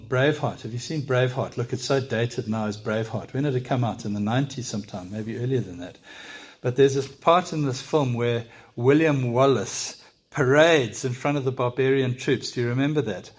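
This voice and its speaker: A man's voice: mid-range voice, brisk, breathy edge. A man preaching a sermon in church, speaking earnestly and directly to his congregation, with frequent rhetorical questions.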